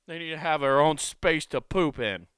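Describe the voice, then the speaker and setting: A man's voice: on the high side, moderate pace, a bit bright, smooth, no room sound, studio quality. A man doing a rambling, sarcastic comedic rant as a commentator, swearing freely.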